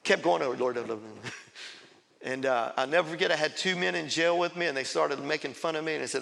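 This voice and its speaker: A man's voice: on the high side, lively intonation, fast talker, vocal fry, pushed and bright, in a large hall. A man, a pastor telling his testimony in a sermon, laughing as he tells the story and acting out quotes. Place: large church sanctuary.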